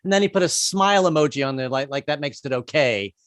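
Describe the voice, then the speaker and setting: A man's voice: a little high, lively intonation, fast talker, a bit bright. A man in his fifties doing a stand-up comedy set, rambling and self-mocking, with many restarts.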